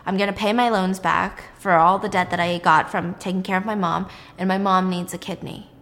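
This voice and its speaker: A woman voicing a desperate young woman who flatly justifies betraying her friend. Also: on the low side, a little fast, a little hiss or hum. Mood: defensive.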